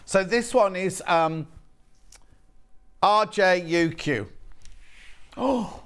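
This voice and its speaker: This presenter's voice is high-pitched, clear, resonant, and fairly bright, and he takes it slowly. On a live shopping channel in a TV studio, he chats, gushes over fabrics, and jokes with the crew behind the camera.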